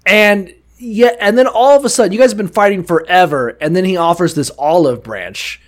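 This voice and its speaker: A man in casual podcast banter about the Bible, profane and joking, slipping into quick voices for characters. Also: high-pitched.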